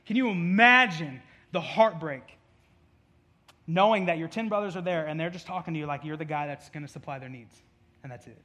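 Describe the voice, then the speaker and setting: Bright high-voiced casual preacher man. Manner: chatty, jokey asides, acts out quotes. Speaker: pastor. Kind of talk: casual conversational sermon.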